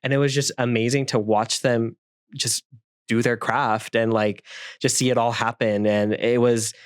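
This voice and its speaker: A young man co-hosting a podcast, chatting casually and gushing excitedly, with lots of filler words. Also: mid-range voice, measured pace, smooth, no echo, studio quality. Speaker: podcast co-host and actor. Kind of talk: casual interview chat.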